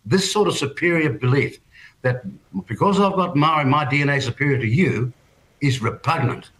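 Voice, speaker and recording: A man's voice: on the high side, moderate pace, a bit bright, rough recording. An older man with a New Zealand accent, a politician in a combative press interview, defiant and contemptuous.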